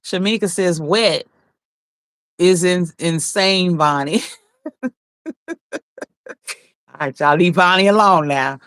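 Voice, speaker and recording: A woman chats casually on a livestream, reading out viewers' comments and teasing them playfully. Her voice sits fairly low, and frequent laughter runs through her talk. The sound is dry and close, with no room echo. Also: slow, pauses often, fairly bright tone. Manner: reads chat aloud, laughs often, teasing and playful. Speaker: livestream host.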